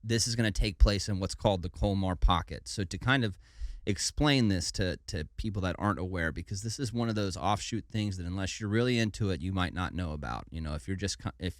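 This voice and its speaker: Low-voiced laid-back man telling history. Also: fairly quick, few pauses, no room sound, studio quality. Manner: laid-back, stumbles over foreign names, says "dude". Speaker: podcast co-host. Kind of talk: casual history storytelling.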